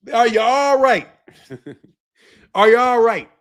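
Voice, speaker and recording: High-pitched guy going off, cussing and laughing, voice jumping way up and down. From United States. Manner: loud, profane, laughs between lines, fired up. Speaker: boxing channel commentator. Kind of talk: unscripted profane rant.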